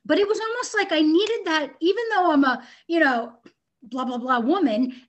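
A woman's voice: high voice, moderate pace. A woman, an inventor and entrepreneur, telling her story as an interview guest in a bubbly, heartfelt way. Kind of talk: casual interview chat.

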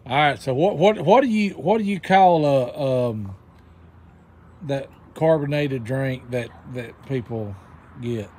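A man's voice: medium pitch, slow, a little mellow, a little hiss or hum. A man in casual chat who asks questions and repeats the answers back. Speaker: interviewer.

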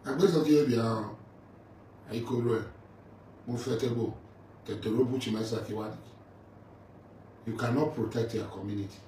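A warm-toned, medium-pitched voice belongs to a middle-aged man with a Nigerian English accent, speaking at normal speed and pausing often. He's a militant leader mocking a rival in an angry, confrontational rant. The audio is distant and roomy, with faint surrounding noise.

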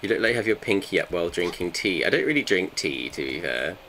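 A man's voice: low voice, expressive, quick pace, sharp tone, a little hiss or hum. A man, chatting and joking with his viewers while playing a game. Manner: joking, bantering with chat. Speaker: streamer. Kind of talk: casual live gameplay chat.

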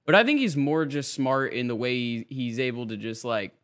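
A man's voice: medium pitch, animated, moderate pace, fairly bright tone. A man in a casual podcast chat, talking hesitantly with many fillers and restarts. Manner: hesitant, filler-heavy talk.

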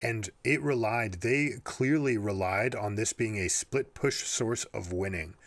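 A man commentating on an esports match and giving coaching advice, energetic and repeating words as he explains. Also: lowish voice, unhurried, no echo. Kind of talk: game analysis with coaching advice.

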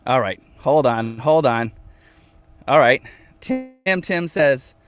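A man chatting casually on a livestream from inside his van, reading viewers' comments aloud, talking to them by name and repeating himself with lively energy. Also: medium pitch, takes it slowly, faint music behind. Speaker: vlogger reading live chat.

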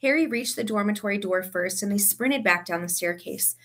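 A woman reading a story aloud with expressive narration. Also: medium pitch, normal speed. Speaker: audiobook reader.

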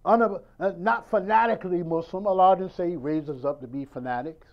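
A man's voice: sits high, a little fast, muffled recording. A man preaching a sermon in a conversational style, acting out dialogues and firing rhetorical questions.

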